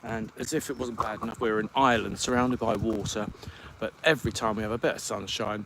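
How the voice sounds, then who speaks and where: A man's voice: mid-range voice, a little hiss or hum. A man from the UK hosting a podcast live stream, chatting casually and rambling as he reads out viewer comments. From United Kingdom. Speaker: podcast host.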